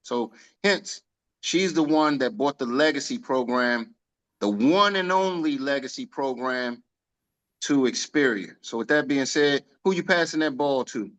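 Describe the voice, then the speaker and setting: A man hosting a motivational sales team call on a video meeting, energetic and folksy, full of homespun comparisons. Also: mid-range voice, measured pace, rough recording.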